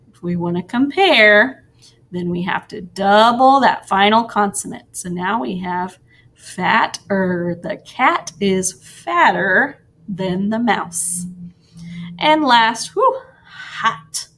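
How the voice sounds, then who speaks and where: Slow, sing-song woman teacher. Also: mid-range voice. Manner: slow, sing-song and encouraging, with soft asides. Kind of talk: recorded grammar lesson for young children.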